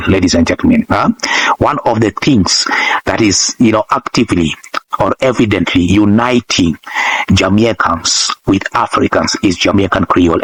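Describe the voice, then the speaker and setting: A man hosting a casual reaction video. He talks in rhetorical bursts, repeats himself, chuckles between points and keeps addressing "ladies and gentlemen". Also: on the low side, slightly rough, poor audio.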